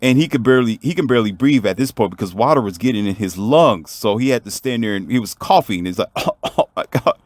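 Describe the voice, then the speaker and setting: A man's voice: lowish voice, lively intonation, fast talker, hardly any pauses, no echo. A man telling a story in a motivational monologue, emphatic and preachy, and talking straight to the viewer. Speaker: vlogger.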